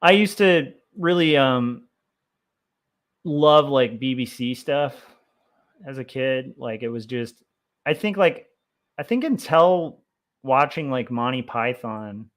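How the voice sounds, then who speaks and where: A young man talking loosely to his stream audience while he sketches, in a mid-pitched voice. He drifts from thought to thought with plenty of fillers and sounds keen on the history he's digging into. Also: slow, pauses often. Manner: rambling, many fillers, excitable about history. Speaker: comic artist streaming his drawing. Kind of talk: casual livestream chat while drawing.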